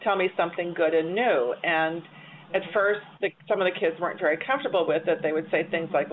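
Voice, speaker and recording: Lowish woman host on a tinny line. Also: fairly quick. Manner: conversational, asks follow-up questions. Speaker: webinar host. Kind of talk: webinar interview. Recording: tinny phone-like line with faint hiss.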